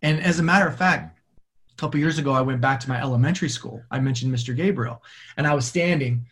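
A football coach in his thirties tells stories with energy. His voice has a slightly husky grain, and he often slips into quick impressions of the people in his anecdotes. He laughs easily and sounds open and animated. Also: medium pitch. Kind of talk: storytelling in a podcast interview.

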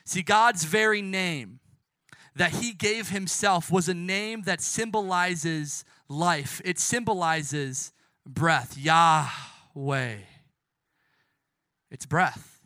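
A man preaching a sermon as a youth pastor and closing in prayer. His delivery is impassioned, swinging from soft hushed lines to loud emphatic ones, with casual self-correcting asides. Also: high voice, very slow, no room sound, clean studio sound.

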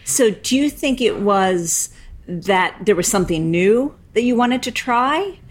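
A woman hosting a podcast, reading a measured, upbeat intro and asking interview questions. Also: medium pitch, lively intonation. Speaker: podcast host.

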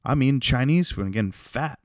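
A young man hosting a solo comedy podcast, ranting in an unhinged way that swings from creepy whispers to loud outbursts. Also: mid-range voice, expressive, brisk, no echo, clean studio sound. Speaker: podcast host.

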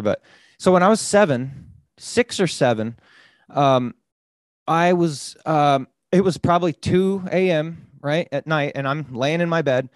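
Animated and swearing freely, a male podcast host with a medium-pitched voice tells a story in casual conversation, often saying "dude." The recording is dry.

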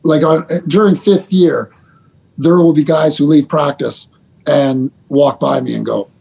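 A middle-aged man, a basketball head coach, telling animated stories with laughter and quick restarts in a casual interview. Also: a little high, creaky, husky. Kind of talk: storytelling guest in a casual interview.

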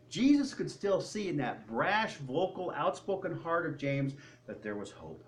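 Male pastor, lively sermon delivery, voice a touch high, heard from afar with faint room hum. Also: normal speed, few pauses. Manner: animated, conversational preaching with acted quotes. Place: church sanctuary. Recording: distant mic with faint room noise.

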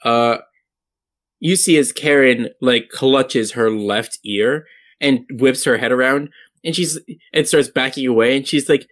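A man running a tabletop game as game master, talking in a halting way full of ums. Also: medium pitch, fairly bright tone.

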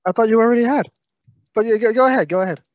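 Brooklyn-accented male co-host, brisk trivia-heavy chat, dull close recording. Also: very high voice, no room sound. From Brooklyn, New York. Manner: detailed, fact-heavy, playfully scolding. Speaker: podcast co-host. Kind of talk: casual podcast chat.

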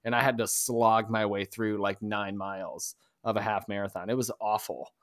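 A man co-hosting a podcast, telling a story in casual chat, rambling and halting with many fillers and restarts. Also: fairly low pitch, flat delivery, fairly bright tone, no room sound, clean studio sound. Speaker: podcast co-host.

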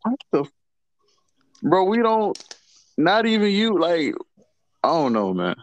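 An animated man hosting a podcast, always joking. His voice sits a little high. It is recorded dry and close, with no room sound. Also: measured pace, no room sound. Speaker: podcast host. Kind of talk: casual podcast chat.

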